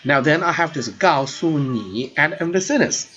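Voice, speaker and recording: A man's voice: on the high side, animated, normal speed, fairly bright tone. A man teaching a grammar lesson in an earnest explanatory way, often repeating words as he goes. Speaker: language teacher. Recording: dull lo-fi sound with faint background music.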